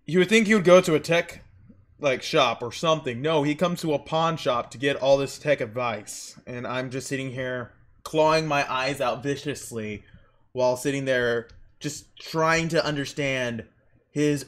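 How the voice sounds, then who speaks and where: A young man streaming while he draws, rambling through excitable stories and exclamations. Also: medium pitch, measured pace. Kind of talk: casual chat while drawing on stream.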